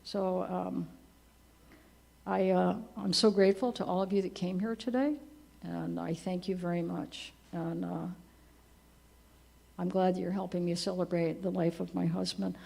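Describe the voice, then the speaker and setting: A woman in her seventies giving a eulogy for her husband at a church memorial, telling gentle, conversational stories and laughing softly at them. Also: fairly low pitch, flat delivery, a little slow, gravelly, pauses often, slightly rough. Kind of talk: personal storytelling at a memorial service. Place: church service.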